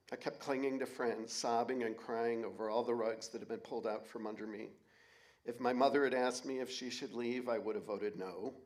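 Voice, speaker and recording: A man in his forties performing a personal story on stage, candid and wry, with blunt swearing. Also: mid-range voice. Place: auditorium stage.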